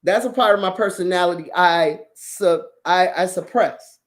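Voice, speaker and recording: A woman's voice: on the low side, moderate pace. A woman hosting a show, talking casually to her viewers and giving blunt, profane dating advice with lots of laughter. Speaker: host.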